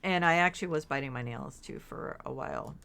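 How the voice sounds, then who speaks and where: A woman's voice: extremely low pitch, lively intonation, fairly quick, creaky, a bit bright, a little hiss or hum. A middle-aged woman streaming a game, chatting in a rambling way and reading chat aloud while getting over being sick and yawning. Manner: frequent fillers and restarts. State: yawning, recovering from illness. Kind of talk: casual chat while playing.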